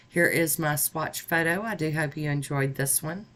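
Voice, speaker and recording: A woman's voice: deep voice, a little slow, hardly any pauses, fairly bright tone. Upbeat woman talking viewers through her manicure step by step, chatty and easygoing, close to the mic. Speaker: nail art vlogger. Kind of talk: casual tutorial narration.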